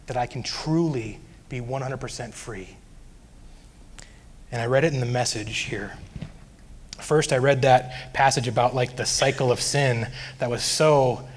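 A man's voice: medium pitch, slight background noise. Earnest man telling his faith story. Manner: earnest, animated when retelling frustration. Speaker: guest sharing testimony. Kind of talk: personal faith testimony.

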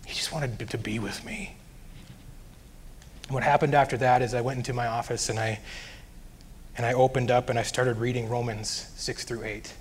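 A man earnestly sharing a personal faith testimony, growing animated as he recounts his frustration. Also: medium pitch, moderate pace, pauses often, a little hiss or hum.

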